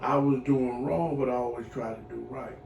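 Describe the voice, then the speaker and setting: A middle-aged man giving heartfelt personal testimony as a client in a recovery program, earthy and animated, acting out voices as he tells his story. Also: medium pitch, normal speed, gravelly, dull audio. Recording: echoey room, voice from far off, faint noise.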